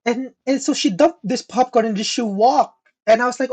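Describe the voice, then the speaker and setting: A man's voice: very high voice, moderate pace, darkish tone, breathy edge. A young man co-hosting a casual podcast, telling a dating story with lots of laughter and swearing. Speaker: podcast co-host.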